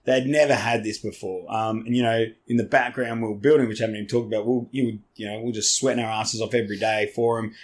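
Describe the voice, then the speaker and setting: A man's voice: fairly low pitch, fairly even intonation, quick pace, hardly any pauses. A man with an Australian accent, a podcast guest telling stories in a loose, rambling way, swearing freely and restarting often. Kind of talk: casual storytelling chat.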